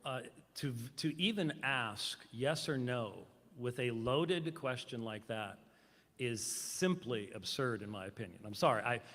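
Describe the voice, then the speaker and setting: A man's voice: mid-range voice, unhurried, fairly bright tone. A man in a formal debate, answering indignantly and with emphasis. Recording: debate clip in a reverberant hall.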